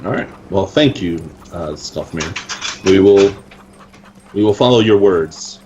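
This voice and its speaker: A man's voice: low voice, expressive, a little slow, highs cut off, background noise. A man playing his character in a tabletop game, talking hesitantly. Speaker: player. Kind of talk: casual in-character play.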